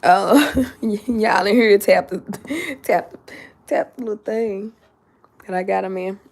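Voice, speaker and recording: A woman hosting a casual livestream, chatty and excitable, greeting viewers by name and repeating herself, a little sleepy. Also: mid-range voice, slow pace, vocal fry. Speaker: livestream host.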